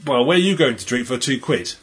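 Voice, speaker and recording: A man's voice: medium pitch, lively intonation, fast talker, breathy edge. A man co-hosting a podcast, jokey and rambling, often laughing and restarting his sentences. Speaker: podcast co-host. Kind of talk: casual chat.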